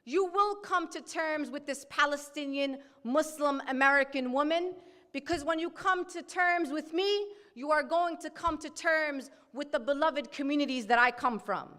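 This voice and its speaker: Fiery high-voiced woman with Brooklyn accent. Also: normal speed, a bit bright. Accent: New York. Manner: bold, impassioned, outspoken. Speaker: keynote speaker at a banquet. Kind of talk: fiery political speech. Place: banquet hall. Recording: long hall reverb.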